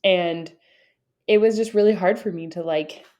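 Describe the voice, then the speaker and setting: Earnest low-voiced woman podcast host. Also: moderate pace, darkish tone. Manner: earnest, reflective, many fillers. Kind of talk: casual chat.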